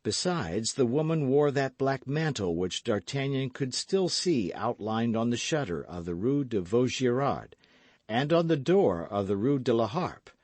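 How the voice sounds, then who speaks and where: A man narrating a classic novel as an audiobook in an expressive, dramatic storytelling manner. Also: mid-range voice, measured pace, no echo.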